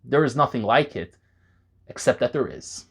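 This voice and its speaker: A man talking straight to camera in an animated, conversational way, reviewing pre-workout supplements for his viewers. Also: medium pitch, moderate pace, slightly rough. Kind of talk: enthusiastic product review vlog.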